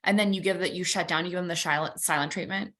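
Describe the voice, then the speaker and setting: A woman with a bright, sharp voice co-hosting a relaxed self-help talk. She jumps in with short asides and quick quoted remarks, pitched a touch low for a woman. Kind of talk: casual chat.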